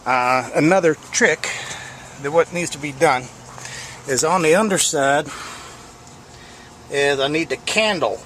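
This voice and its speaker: Man, slightly high voice, blunt and folksy, casual workshop talk, noisy garage recording, air conditioner hum. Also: measured pace, long pauses, fairly bright tone. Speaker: home mechanic showing welding work. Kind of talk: casual hands-on workshop commentary.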